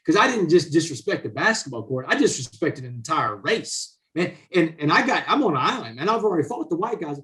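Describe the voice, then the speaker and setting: Guest storyteller: middle-aged man, fairly high-pitched voice, animated and conversational. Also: fairly quick, few pauses. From Southeast Texas, USA. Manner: animated, drops "man" into nearly every sentence. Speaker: podcast guest, author and speaker. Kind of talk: casual storytelling.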